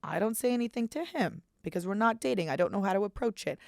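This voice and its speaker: A woman's voice: mid-range voice, animated, quick pace, vocal fry, darkish tone, no echo, clean studio sound. A young woman in her twenties hosting a podcast, rambling in casual chat, self-deprecating and swearing freely. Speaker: podcast host.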